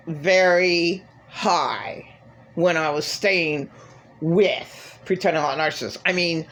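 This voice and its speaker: A woman's voice: fairly low pitch, a bit bright. A woman vlogging in a rambling, profane monologue, venting with raw emotion. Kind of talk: casual monologue.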